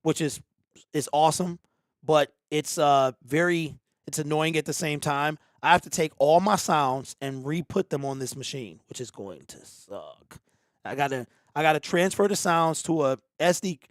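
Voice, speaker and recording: Man, watch party host, from the Detroit area, fairly high voice, dry close sound, excitable, exasperated at bad plays. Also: normal speed, dry recording. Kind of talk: live play-by-play and chat banter. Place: home streaming setup.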